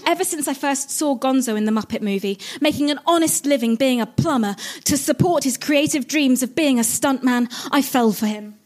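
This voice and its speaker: Woman comedian, reading her own fan-fiction aloud: high voice, animated pitch, giggly and self-mocking.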